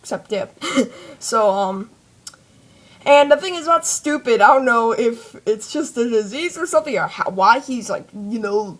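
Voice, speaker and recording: A woman's voice: fairly high pitch, expressive, a little slow. A woman vlogger giving a rambling, casual fan commentary full of fillers. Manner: rambling, chatty, many fillers.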